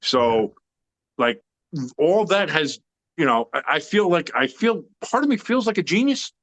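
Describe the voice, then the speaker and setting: A man's voice: on the high side, very animated, measured pace, a bit bright. A man co-hosting a sports podcast in casual chat, opinionated and emphatic, rambling with fillers. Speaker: podcast co-host.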